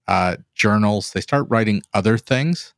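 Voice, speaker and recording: A man's voice: lowish voice, measured pace, dry recording, studio quality. A man co-hosting a podcast, earnest and reflective, cutting in to make his point. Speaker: podcast co-host. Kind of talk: conversational interview.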